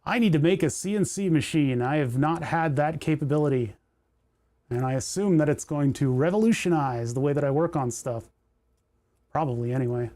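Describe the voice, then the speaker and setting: A man's voice: on the high side, moderate pace, dark tone, no room sound. A man hosting a casual livestream from his home workshop, rambling and talking to himself as he works through menus on a desk mic. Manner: rambling, talks to himself while fiddling with menus. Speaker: livestream host. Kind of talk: casual livestream chat while working. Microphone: desk microphone.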